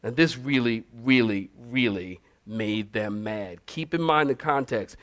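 A man's voice: mid-range voice, a little slow. A male pastor preaching a sermon, telling stories with humor, laughing often and mimicking church members. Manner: animated storytelling, mimics church ladies.

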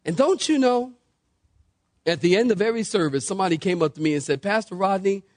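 A man's voice: high-pitched, quick pace, no echo. A man preaching a sermon as pastor, joking and calling for responses from the congregation. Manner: animated, joking, acts out quoted people.

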